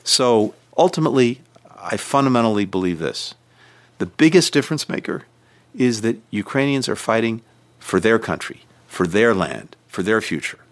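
Give me a man with a somewhat low voice answering interview questions in a measured, emphatic way. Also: animated. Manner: deliberate, emphatic, with frequent restarts and pauses. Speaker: senior government official interviewed.

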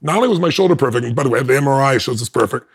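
This podcast guest tells a personal story with lots of animation, laughing between lines and acting out what others said. His voice is husky, mid-range in pitch, and rapid-fire.

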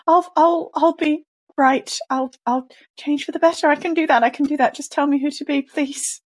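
A woman's voice: high voice, steady tone, moderate pace, lightly acted. A woman playing her tabletop character, speaking in a stammering, anxious, pleading way. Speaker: player character Reth. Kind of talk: in-character tabletop role-play.

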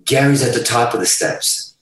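A middle-aged man from Portugal, a guest musician telling a story on a podcast in a lively, profane way, acting out the quotes. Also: mid-range voice, moderate pace, recorded from a distance. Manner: animated, profane, acts out quotes. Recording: echoey room, off-mic.

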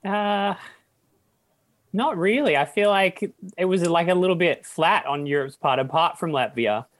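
A woman's voice: fairly low pitch, measured pace. Easygoing woman in a casual chat.

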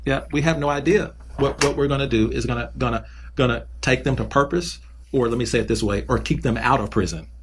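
A man's voice: mid-range voice, brisk. A man who mentors kids, talking in a casual podcast conversation and telling earnest stories with repeated phrases for emphasis.

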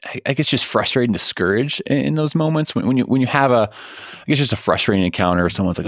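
A man's voice: medium pitch, fast talker, dry recording, studio quality. A man hosting a podcast interview who laughs often and gives encouraging backchannel replies. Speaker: podcast host. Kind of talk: casual interview chat.

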